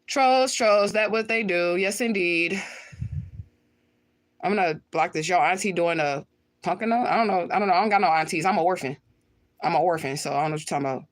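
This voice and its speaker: A woman's voice: lowish voice, a little fast. A woman ranting on a livestream, talking straight to her chat in a heated, profane way. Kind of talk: livestream rant to viewers.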